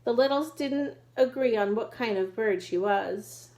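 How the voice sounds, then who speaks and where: A woman reading a children's book aloud at a steady pace, now and then restarting a word. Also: a little high, a little slow, low-quality recording. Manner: steady reading with occasional restarts over words. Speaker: reader.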